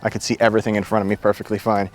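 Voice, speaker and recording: A man with a New England accent talks through a gear review in a relaxed, folksy way, full of enthusiasm. He is recorded outdoors at night by the woods. Faint music plays softly underneath. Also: on the low side, very fast. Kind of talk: casual outdoor product review.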